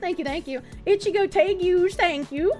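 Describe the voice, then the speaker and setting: A woman's voice: very high-pitched, moderate pace, a little mellow. Brief: sarcastic, foul-mouthed woman streamer reading chat, faint music underneath. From Canada. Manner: profane, mocking, sarcastic. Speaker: livestreamer. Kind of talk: casual livestream chat reading.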